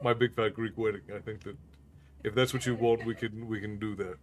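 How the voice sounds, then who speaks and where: A man's voice: lowish voice, steady tone, brisk. A man from New York City, a streamer, chatting casually with viewers, reading their messages aloud and laughing often.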